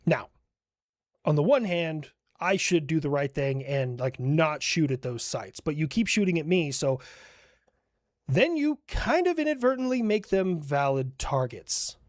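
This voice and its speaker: A man's voice: on the high side, big pitch swings, a little slow, no room sound, studio quality. A man voicing a smug self-justifying nation.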